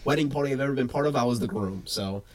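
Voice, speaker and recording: A man's voice: medium pitch, rapid-fire, a crowd in the background. Chatty man with a head cold. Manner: chatty, laughs often, drifts into tangents. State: getting over a head cold. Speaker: podcast co-host. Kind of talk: casual podcast chat.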